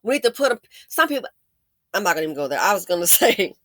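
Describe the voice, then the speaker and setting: A woman's voice: mid-range voice, very animated, fast, fairly bright tone, no echo, studio quality. A woman hosting a commentary video, ranting in an angry, profane, scolding way. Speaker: commentary channel host. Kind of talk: blunt commentary rant.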